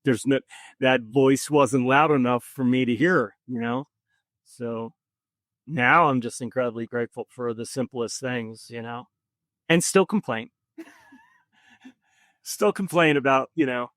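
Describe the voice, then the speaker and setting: A man's voice: medium pitch, fairly bright tone, dry recording. Earnest man telling his story, dry sound. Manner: earnest, reflective, many pauses and fillers. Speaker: podcast guest. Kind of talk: personal storytelling in conversation.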